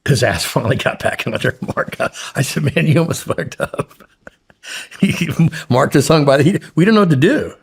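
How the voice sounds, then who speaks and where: A man's voice: medium pitch, sing-song, brisk, creaky, husky. A man guest in an interview, blunt and profane, intensely retelling a frightening story.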